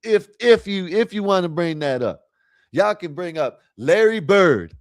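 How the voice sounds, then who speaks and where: Man, stream host, rambling casual commentary, slightly high voice, dry close mic. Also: very animated, a little slow, no room sound. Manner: rambling, talks straight to viewers. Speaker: livestream host.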